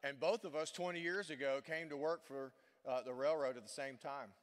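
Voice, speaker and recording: A man voicing a plain-spoken middle-aged male railroad worker, speaking matter-of-factly and a little louder. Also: on the high side, normal speed, close to an everyday voice. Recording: long reverb of a large hall.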